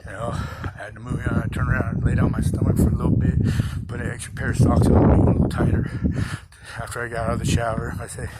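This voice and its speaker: A man's voice: mid-range voice, level tone, quick pace. A man talking casually to the camera about recovery, rambling, blunt and profane but reassuring. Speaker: recovery vlogger. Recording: loud background noise.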